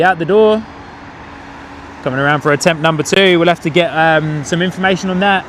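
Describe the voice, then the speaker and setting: A man's voice: high voice, slight background noise. Chatty man commentating outdoors. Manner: excitable, chatty, quick to exclaim. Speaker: live stream host. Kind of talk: live plane-spotting commentary. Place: outdoors by an airport.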